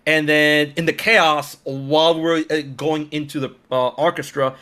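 A man with a high-set voice tells a casual story, acting out other people's quoted lines with animated jumps in tone. His sound is bright and forward, and his speech is loose and full of fillers. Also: moderate pace. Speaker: streamer and content creator.

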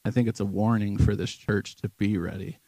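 A man's voice: on the low side, steady tone, fairly quick, creaky, dark tone, breathy edge, no room sound. A man giving an informal sermon testimony at church, earnest and conversational, with many ums and restarts. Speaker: church member sharing a vision.

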